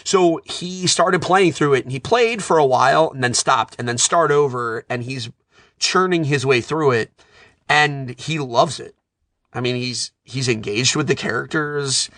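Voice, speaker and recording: A man in his thirties chatting casually about video games, telling animated stories as a self-described nerd. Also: mid-range voice, unhurried, dry recording, clean studio sound. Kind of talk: casual chat.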